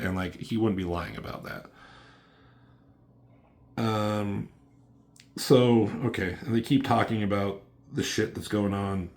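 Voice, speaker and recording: Speaking in a notably low, slightly mellow voice, a man reviews a comic book loosely and ramblingly, summarizing the story with plenty of fillers and casual swearing. His intonation stays fairly even, and he talks slowly with frequent pauses.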